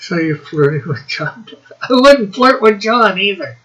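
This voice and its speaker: Casual show host, man in his forties, high, bright voice, unhurried, jokey banter. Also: lively intonation, rough recording. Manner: joking, teasing banter. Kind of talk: casual chat.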